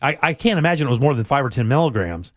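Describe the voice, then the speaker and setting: A man's voice: mid-range voice, racing, no room sound. A man hosting a talk radio show, joking and telling stories in casual banter in a studio. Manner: joking, laughing, animated storyteller. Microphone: studio microphone.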